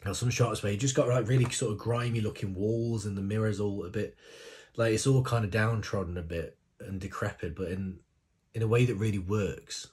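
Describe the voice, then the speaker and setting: Man, reaction host, low voice, rambling, effusive, excited outbursts. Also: fairly quick, slightly rough. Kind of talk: casual reaction commentary.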